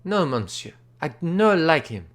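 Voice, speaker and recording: A man voicing an excitable little Frenchman with a put-on French accent and broken, indignant English. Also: on the high side, measured pace.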